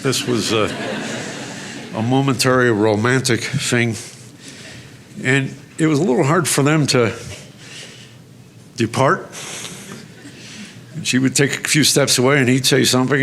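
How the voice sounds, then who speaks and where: A man's voice: mid-range voice, fairly bright tone, a little hiss or hum. A man giving a lecture. He tells personal stories in a chatty, self-mocking way, with asides and restarts. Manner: self-mocking storyteller, draws laughs. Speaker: guest lecturer. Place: lecture hall.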